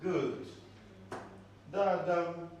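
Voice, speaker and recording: Slow, patient teacher. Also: male voice, high voice, steady tone, a little mellow, dull audio, a little hiss or hum. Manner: patient, drills words by repetition and questions. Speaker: language teacher. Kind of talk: children's language lesson. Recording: very echoey room, voice from far off.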